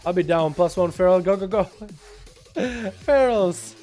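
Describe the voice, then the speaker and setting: Excitable high-voiced American-accented streamer. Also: male voice, soft background music. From Russia. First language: Russian. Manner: excitable, quick play-by-play calls, laughs often. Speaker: livestream host. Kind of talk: live game commentary and chat. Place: hot home room.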